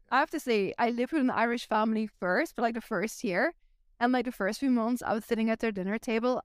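A woman's voice: a little high, no echo, studio quality. Chatty Belgian woman with a Flemish accent. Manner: chatty, uses "like" a lot, frank. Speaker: guest. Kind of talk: casual podcast conversation.

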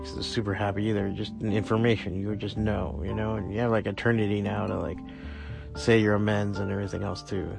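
A man's voice: on the low side, gravelly. A man hosting a podcast on his own, talking in a rambling, profane, casual way with lots of fillers. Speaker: podcast host. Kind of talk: casual solo monologue.

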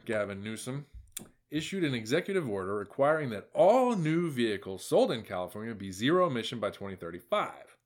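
A male podcast host giving a casual, rambling solo monologue in a sardonic tone, with many asides. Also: mid-range voice. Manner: sardonic, meandering, full of fillers and asides.

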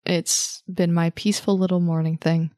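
A woman's voice: on the low side, level tone, normal speed, warm tone, no room sound, clean studio sound. Upbeat young woman guest. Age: young adult. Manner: upbeat, easygoing, laughs often. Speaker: guest, host's daughter. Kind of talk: casual chat.

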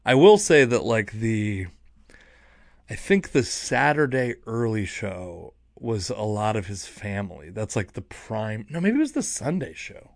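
A man's voice: lowish voice, very animated, measured pace, creaky, no echo, clean studio sound. A young man, a stand-up comedian, telling road stories in a rambling, self-mocking monologue with many restarts. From Seattle area. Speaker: stand-up comedian, podcast host. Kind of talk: casual monologue.

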